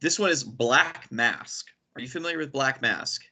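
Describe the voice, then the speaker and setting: Male podcast host, bright mid-range voice, quick lore explainer, lots of restarts. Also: medium pitch. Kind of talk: casual chat.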